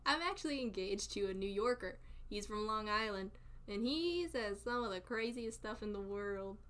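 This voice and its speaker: Chatting with her stream viewers, this young North Carolina woman has a Southern accent, a medium-pitched voice and a slightly slow pace. She's excitable and laughs often in the casual conversation.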